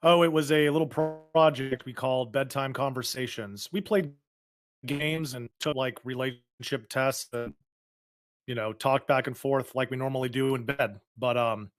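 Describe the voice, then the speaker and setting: A man's voice: mid-range voice, fairly even intonation, moderate pace. A man co-hosting a podcast, chatting casually in a laid-back, teasing way. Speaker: podcast co-host.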